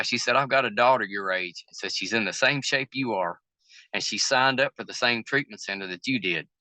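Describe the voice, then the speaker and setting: A man's voice: mid-range voice, sharp tone, no room sound. An older man with a Southern American accent, a river boat captain telling candid stories in an interview, plain-spoken and folksy, acting out the dialogue of the people in his stories. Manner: folksy, plain-spoken storyteller who acts out quoted dialogue.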